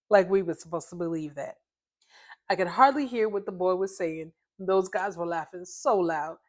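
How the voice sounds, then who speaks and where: A woman reading her own short story aloud, narrating in first person with a lively, conversational delivery. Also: on the low side, normal speed.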